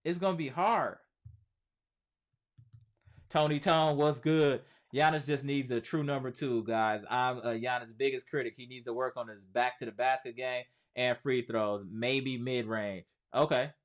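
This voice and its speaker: Unhurried and fairly even in intonation, a medium-pitched man hosts a casual sports stream. He reads out what viewers write, answers in slang-heavy chat, and keeps repeating himself for emphasis.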